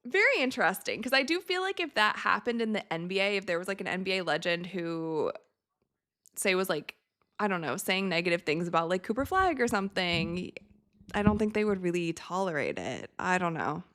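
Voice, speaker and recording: A woman's voice: on the low side, expressive, brisk, fairly bright tone, dry recording, clean studio sound. A woman hosting a casual live-stream watch party from her home set, chatting, reading out viewer comments and laughing often.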